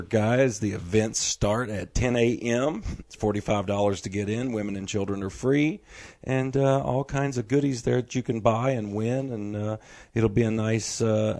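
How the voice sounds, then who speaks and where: Man, middle-aged, show host, low voice, dry close sound, casual chat. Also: creaky, no room sound. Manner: rapid-fire announcer reading event details, then relaxed chat. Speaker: podcast host. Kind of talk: casual show talk and announcements.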